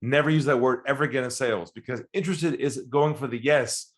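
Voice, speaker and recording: Speaking quickly in a medium-pitched voice, a male podcast guest explains sales by telling stories and playing both parties in phone conversations during the interview.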